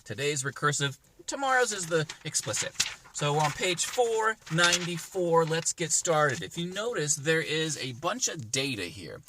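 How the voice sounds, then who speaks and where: A man's voice: a little high, big pitch swings, moderate pace, pushed and bright, slight background noise. A man teaching a math lesson to his class from inside a parked car, chatty and encouraging as he works through examples aloud. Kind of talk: casual recorded math lesson.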